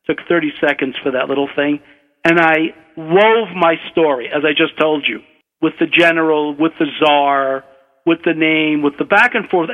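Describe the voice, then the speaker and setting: An older man from Brooklyn spins a relaxed, wry anecdote in an unhurried, conversational way. His voice sits a little high for a man. The sound is a dull radio broadcast with a long reverb around it. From Brooklyn, USA. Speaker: physician and author guest. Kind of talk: anecdotal storytelling.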